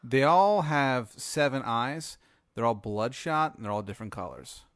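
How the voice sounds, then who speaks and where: A man hosting a podcast, improvising an absurd story in a rambling, deadpan way. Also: medium pitch, normal speed, dry recording, clean studio sound. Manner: rambling, deadpan, many fillers and restarts. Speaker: podcast host.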